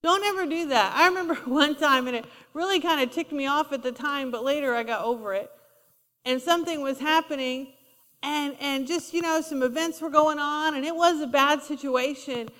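A woman's voice: sits high, moderate pace, fairly bright tone. A woman preaching a sermon in a conversational style, acting out quotes as she goes. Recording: long reverb of a large hall.

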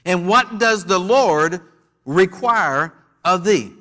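An American pastor preaches a sermon in church with a high, expressive voice, slow pacing, and a bright, forceful tone. He leads call-and-response with the congregation and jokes with its members.

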